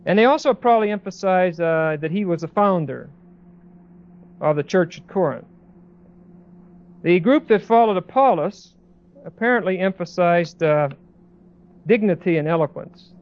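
Man, pastor, sermon, conversational, halting, slightly high voice, muffled lo-fi sound. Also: expressive. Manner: conversational, with many fillers and restarts.

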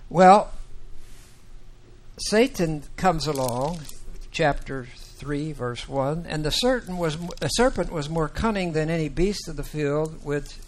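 A man teaching a Bible class, explaining verses deliberately and with emphasis, and putting questions to the class. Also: on the high side.

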